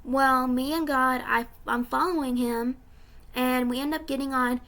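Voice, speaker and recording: Young woman vlogger, high gravelly voice, tearful, rambling casual storytelling. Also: fairly even intonation, measured pace, a bit bright. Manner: rambling with many fillers, emotional. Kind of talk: casual retelling of a dream.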